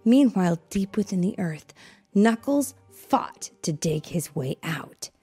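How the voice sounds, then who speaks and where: Slow, husky-voiced woman reading a story. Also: fairly low pitch, faint music behind. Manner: expressive read-aloud with sound effects.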